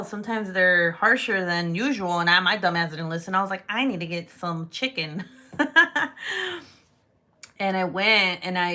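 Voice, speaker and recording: At home making polymer clay pieces, a crafter vlogger chats casually, candid and profane, laughing often. Her voice is on the low side, pushed and bright.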